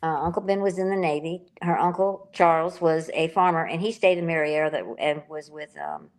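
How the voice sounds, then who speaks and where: Speaking at a normal speed in a low, expressive voice, an older female author chats through a relaxed interview. Her talk wanders with feeling, and she keeps revising her own words mid-stream.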